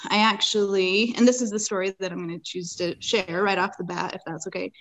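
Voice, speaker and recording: A woman's voice: medium pitch, steady tone, fairly quick, fairly bright tone, rough recording. A woman guest on a podcast, recounting a personal experience in earnest, vivid detail. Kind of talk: personal storytelling in a conversation.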